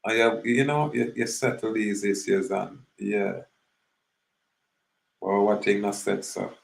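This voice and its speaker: A man's voice: fairly low pitch, little pitch movement, measured pace, gravelly, echoey room, low-quality recording. A man with a Jamaican accent, talking casually in a rambling monologue that mixes patois and English.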